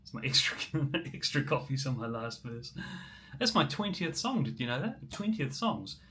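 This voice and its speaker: A man's voice: medium pitch, very animated, normal speed, pushed and bright, a little hiss or hum. Chatty New man livestreaming. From New Zealand. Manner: chatty, answers viewer comments, many ums. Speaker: musician livestreamer. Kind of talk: casual livestream chat.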